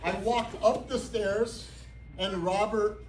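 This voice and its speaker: Taking it slowly with fairly even intonation, a high-pitched man gives a humorous speech on being promoted to black belt at his jiu-jitsu academy. He tells a story with comic timing and grows sincere. The recording is echoey, distant, and noisy with the crowd.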